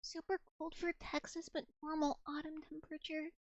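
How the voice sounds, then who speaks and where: A young woman with a very high voice chats on a live stream from home, close on a desk mic. She coos fondly at her cat and rambles with little restarts. The sound is dry and close, with no room echo. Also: level tone, normal speed, muffled recording. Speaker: VTuber streamer. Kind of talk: casual live-stream chat.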